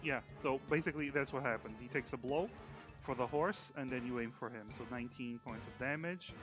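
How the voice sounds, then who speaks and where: A man's voice: medium pitch, fairly quick, over music. Male game master, mid voice, casual narration full of fillers. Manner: casual, descriptive, with frequent fillers.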